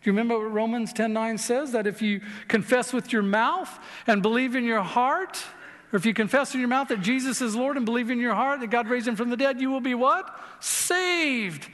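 A high-voiced man preaches a sermon with earnest, direct urging, often asking his listeners questions. His voice rings out with a long reverb, as in a large hall. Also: normal speed, fairly bright tone. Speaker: pastor.

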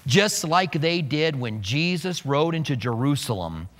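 A man preaching a sermon, animated and playful, acting out quotes with humor. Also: fairly high pitch, measured pace, long reverb tail. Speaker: pastor.

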